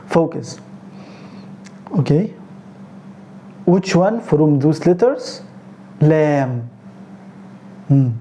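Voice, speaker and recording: A man with an Egyptian accent, a native Arabic speaker, teaching beginners how to pronounce letters, repeating each sound slowly and correcting common mistakes. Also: a little high, expressive, mellow, slight background noise. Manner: slow, repetitive drilling of sounds, corrective. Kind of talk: beginner pronunciation lesson.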